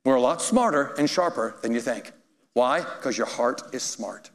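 A man preaching a sermon, telling a story with animated, chuckling emphasis, heard in an echoey hall. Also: mid-range voice, moderate pace.

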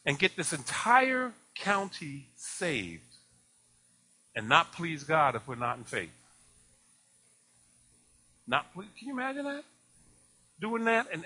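A pastor whose voice sits high preaches a little slowly, with long pauses. The sermon is animated, full of rhetorical questions to the congregation and acted-out dialogue with laughs.

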